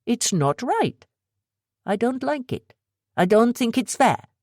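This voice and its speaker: A brisk, worried middle-aged shop owner, as a woman narrator puts him on, talking in quick clipped bursts with a heavy accent. The voice sits low and level in an audiobook read, recorded close and dry with no room sound. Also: sing-song, darkish tone, no echo, full character voice. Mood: brisk concern. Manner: heavy accent, stilted phrasing. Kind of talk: audiobook character voice.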